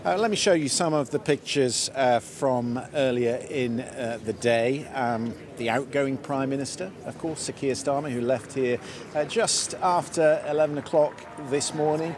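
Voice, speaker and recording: Male news presenter outdoors, crowd behind. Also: medium pitch. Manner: brisk, conversational questioning. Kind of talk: live news broadcast. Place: outdoors on a city street. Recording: outdoor broadcast with crowd noise. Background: crowd chatter and passing traffic.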